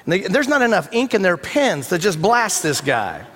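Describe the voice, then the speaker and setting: A man with a high-pitched voice preaches a sermon in a relaxed, storytelling way, dropping in wry, humorous asides. His voice carries a long reverb from a large church sanctuary. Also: moderate pace. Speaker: pastor.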